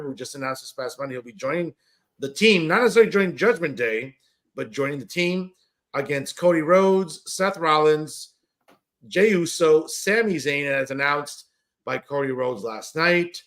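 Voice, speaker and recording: A man's voice: on the high side, fairly bright tone. A man hosting a wrestling podcast, talking casually and rambling, with many fillers and restarts. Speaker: podcast host.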